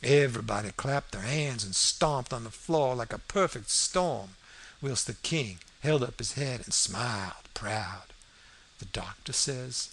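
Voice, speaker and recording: Gravelly male audiobook narrator. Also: medium pitch, measured pace, fairly bright tone, a little hiss or hum. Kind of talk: scripted narration.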